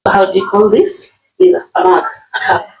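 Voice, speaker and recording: A woman's voice: mid-range voice, very animated, moderate pace, a little mellow. A woman from Nyeri with a Kenyan accent, teaching household words in a casual lesson, repeating words and often checking with "okay?". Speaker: language teacher. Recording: roomy, distant mic.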